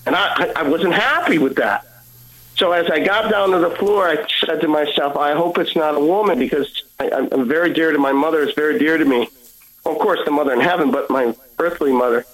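Man, guest, personal testimony, earnest, halting, slightly high voice. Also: a bit bright, poor audio. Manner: earnest, halting, repeats words.

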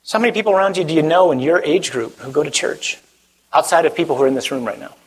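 A priest preaching a conversational sermon to a live audience, joking and putting questions to the listeners. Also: male voice, on the high side, fast, slightly rough, low-quality recording.

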